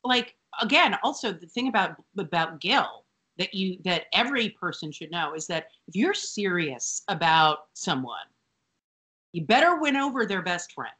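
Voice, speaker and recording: Lively bright-voiced woman podcast co-host. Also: on the low side. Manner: animated, quick to act out characters. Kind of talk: casual recap chat.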